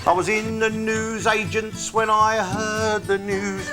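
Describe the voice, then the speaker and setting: An actor playing an earnest, emotional amateur male folk songwriter who stammers when he talks and sings a slow mournful ballad in a comedy sketch. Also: high voice, level tone. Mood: mournful singing. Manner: sings a mournful ballad slowly over guitar. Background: acoustic guitar playing.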